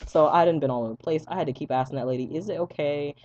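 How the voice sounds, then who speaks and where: A young man vlogging, telling a story casually to his viewers, animated and profane, laughing often as he goes. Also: medium pitch, fast, hardly any pauses, no room sound. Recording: dull lo-fi dry sound.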